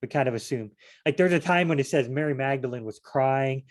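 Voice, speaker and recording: This man reads Bible passages aloud and then talks them over in a loose, conversational way. He drifts into side stories and restarts his sentences often. His voice sits at an ordinary middle pitch. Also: fairly quick. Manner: digressive, chatty asides and restarts. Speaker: Bible study vlogger. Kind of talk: reading scripture aloud with casual commentary.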